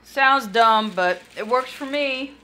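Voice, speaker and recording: Casting note: tired woman, bright forceful voice, rambling live-stream chatter to viewers. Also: fairly high pitch, takes it slowly, a little hiss or hum. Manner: rambling, talks to chat viewers by name. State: tired, yawning. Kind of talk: casual live-stream chat.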